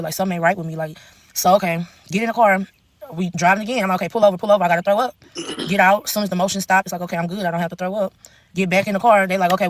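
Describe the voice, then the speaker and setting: Rapid-fire profane woman ranting. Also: fairly low pitch, no echo. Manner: blunt, profane, rapid run-on storytelling. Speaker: TikTok storyteller. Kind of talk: casual storytime rant.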